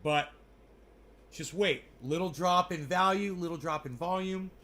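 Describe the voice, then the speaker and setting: A man's voice: high-pitched, unhurried, sharp tone. A man casually commenting live, rambling and swearing as he talks to his viewers. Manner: rambling, profane, talking to chat. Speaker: crypto livestreamer.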